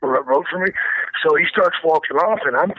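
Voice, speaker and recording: An older man, telling stories in a casual interview, acting out quotes with big jumps in pitch and laughing through them. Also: brisk, dry recording, highs cut off. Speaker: guest, retired wrestler.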